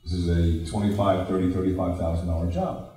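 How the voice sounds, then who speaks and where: A man's voice: low voice, brisk. A man on a real estate panel, telling a negotiating story with jokes and asides in a round table discussion. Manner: animated storyteller, jokey asides. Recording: echoey room, distant mic.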